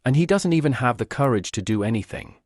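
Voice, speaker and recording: A man voicing a proud young fox girl who brushes off worries calmly. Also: medium pitch, quick pace, no echo, clean studio sound, natural voice. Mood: dismissive.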